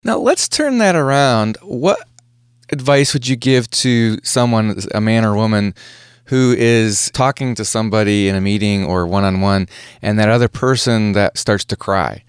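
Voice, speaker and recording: A man's voice: on the low side, moderate pace, clear, resonant tone, no room sound, clean studio sound. A man hosting an interview, asking thoughtful questions with frequent restarts. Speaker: interview host.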